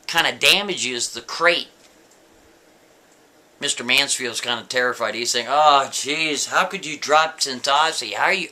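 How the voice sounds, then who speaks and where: A man's voice: medium pitch, bright, forceful tone. A man telling a story casually, talking straight to the listener and checking in with them often. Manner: conversational, asks listener "right?" and "see?".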